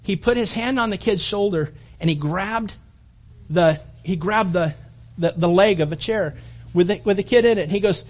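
A man preaching a sermon, telling animated stories with asides to the congregation. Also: high voice, moderate pace, lo-fi sound.

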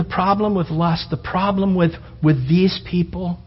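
A man's voice: high voice, fairly even intonation, a little slow, breathy edge. A man preaching a sermon in an earnest way, often restarting his phrases and speaking prayers aloud. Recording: dull lo-fi sound with long hall reverb.

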